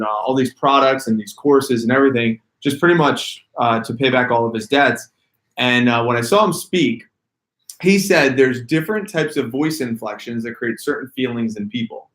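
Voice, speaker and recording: A man running a sales training workshop. He talks in a casual, animated way and stresses single words to show how emphasis changes meaning. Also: mid-range voice, normal speed. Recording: echoey room.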